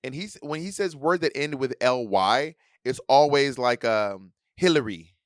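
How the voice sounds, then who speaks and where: A man's voice: medium pitch, measured pace, smooth, no echo, clean studio sound. A man from the Atlanta area co-hosting a casual podcast over a video call, talking playfully and mimicking accents. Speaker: podcast co-host. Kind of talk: casual chat.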